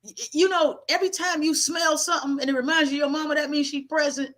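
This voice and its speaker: Blunt elderly grandmother, voiced by a woman, high bright voice, matter-of-fact scolding. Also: steady tone, quick pace.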